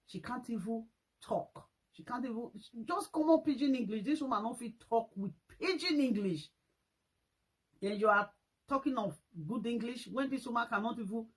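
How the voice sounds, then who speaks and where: A woman with a Nigerian accent ranting in a commentary vlog, scolding and mocking, with sudden loud high outbursts. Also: slightly rough, low-quality recording. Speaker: social media commentator.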